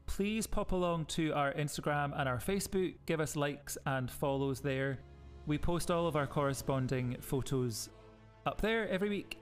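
Scottish male podcast co-host, easygoing and teasing, mid-pitched voice, casual banter. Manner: chatty, teasing, jokey asides. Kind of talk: casual chat.

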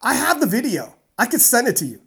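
A woman strongman athlete from North America, telling a story in a casual interview, animated and rambling with fillers. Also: a little high, fast talker, gravelly, breathy edge.

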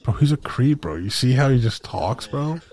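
A man's voice: medium pitch, lively intonation, normal speed, darkish tone, breathy edge, no room sound. A man co-hosting a podcast, chatting casually in a rambling, slangy way with lots of fillers and restarts. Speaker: podcast co-host. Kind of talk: casual chat.

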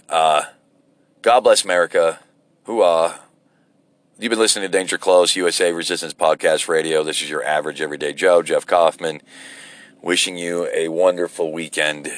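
The speaker is a man with a low, slightly bright voice. He hosts a solo podcast from behind the wheel, and the episode is a rambling, sarcastic rant full of profanity.

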